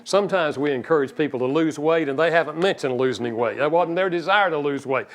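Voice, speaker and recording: A man's voice: on the high side, fast. A man giving a seminar talk on marriage, folksy, with joking asides, who acts out quoted spouses.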